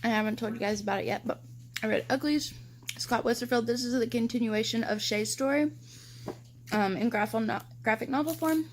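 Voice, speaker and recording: A woman's voice: a little high, brisk, a little hiss or hum. A young woman book vlogger talking casually to her viewers, ranting and swearing freely. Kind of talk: casual reading vlog.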